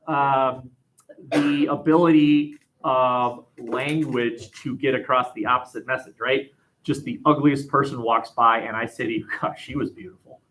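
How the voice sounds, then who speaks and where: A man lectures his sociology class in an animated, lively way, and he often acts out the people he quotes. His voice sits a touch high for a man. He is speaking in a classroom. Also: rough recording. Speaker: sociology teacher.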